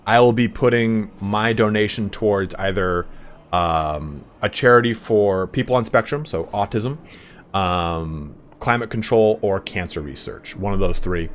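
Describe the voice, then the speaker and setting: A man's voice: sits low, a little hiss or hum. Chatty young man streaming a game. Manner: rambling, chatty, swearing freely, filler words. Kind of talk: casual live-stream chat.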